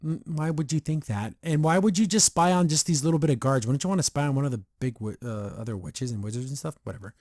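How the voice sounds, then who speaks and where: A man hosting a podcast, giving a casual episode review in a rambling, excitable way full of fillers. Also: fairly high pitch, quick pace, hardly any pauses, dry recording, studio quality. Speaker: podcast host.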